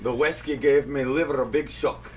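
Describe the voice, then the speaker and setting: A man's voice: mid-range voice, steady tone, normal speed, recorded from a distance, faint music behind, pitched above the performer's own voice, natural voice. A man putting on a bawdy Scottish limerick reciter, with a Scottish accent that slides toward English. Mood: mock-grand. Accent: put-on Scottish, drifting English.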